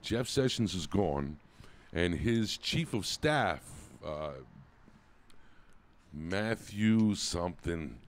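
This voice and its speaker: Deep, lively-voiced man joking outdoors. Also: very slow, pauses often. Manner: joking, teasing, loud. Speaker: podcast co-host. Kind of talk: casual outdoor banter. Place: outdoors on a street.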